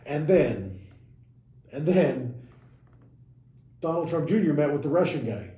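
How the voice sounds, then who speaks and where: A man's voice: a little high, lively intonation, unhurried, warm tone. A man co-hosting a podcast, casually walking through events step by step and correcting himself as he goes. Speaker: podcast co-host. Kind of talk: casual explanatory chat. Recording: roomy echoey room.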